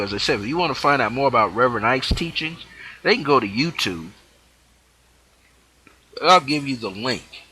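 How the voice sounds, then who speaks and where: A man hosting a spiritual teaching show, speaking reflectively and letting his phrase endings drop off softly. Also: mid-range voice, low-quality recording.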